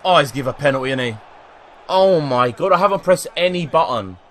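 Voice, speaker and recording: British man, young adult, gameplay commentary, excitable, cursing, bright sharp tone. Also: on the high side, brisk, slight background noise. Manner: excitable, swears and yells at the game. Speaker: gaming YouTuber.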